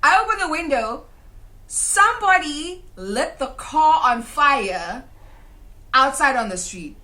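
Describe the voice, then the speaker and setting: Young South African woman, podcast co-host, bright and animated, swears as she tells the story. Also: high-pitched, takes it slowly. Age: young adult. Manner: animated, swears freely, laughs mid-story. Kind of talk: casual storytelling chat.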